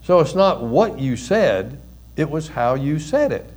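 An older man, a pastor and counselor, giving a conversational sermon with folksy stories and soft chuckles. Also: a little high, big pitch swings, unhurried.

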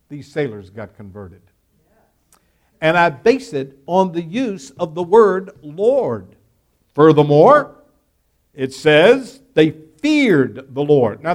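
A male pastor delivers a slow, deliberate sermon in a fairly high voice. He reads scripture aloud and unpacks it word by word, leaning hard on key words and then dropping to quiet asides. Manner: emphatic, swings from loud stress to quiet asides.

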